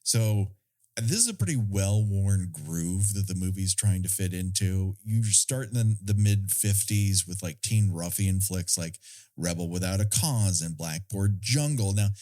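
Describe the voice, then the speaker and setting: A man's voice: low voice, unhurried, warm tone. A man co-hosting a podcast, chatting casually about a film in a sardonic, profane, storytelling way. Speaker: podcast co-host.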